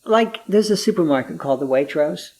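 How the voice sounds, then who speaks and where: An American man in his sixties with a wry, drawn-out storytelling manner, chatting casually as an interview guest in an apartment. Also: fairly high pitch, lively intonation, darkish tone. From United States. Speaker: guest, humor writer. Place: apartment room.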